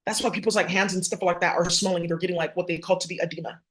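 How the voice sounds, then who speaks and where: A woman's voice: on the low side, steady tone, racing. A woman vlogging straight to camera in a heated, profane, confrontational rant.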